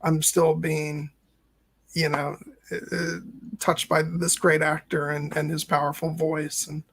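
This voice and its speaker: A man in his late thirties speaks in a casual podcast chat, his fairly high voice edged with a gravelly fry. He talks earnestly and reflectively, letting his sentences wind along as he thinks out loud. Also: flat delivery, slow pace. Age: late 30s. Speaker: co-host, first-time viewer.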